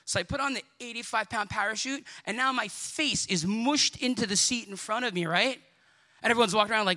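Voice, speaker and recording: A man preaching a sermon. He is animated, acts out quoted voices and builds to shouts. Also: high voice, a little fast.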